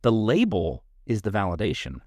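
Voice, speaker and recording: A man's voice: fairly low pitch, huge pitch swings, normal speed, mellow, dry recording, studio quality. A man co-hosting a family counseling talk show, explaining communication tools with everyday examples in a thoughtful, conversational way. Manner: reflective, explains with examples, thinks aloud. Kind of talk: conversational podcast discussion.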